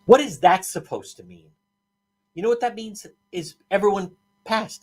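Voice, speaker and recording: A man's voice: high voice, very animated, measured pace, darkish tone, slightly rough. Indignant man ranting. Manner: indignant, ranting, sarcastic, with repeated restarts. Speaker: talk show host. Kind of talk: heated political commentary.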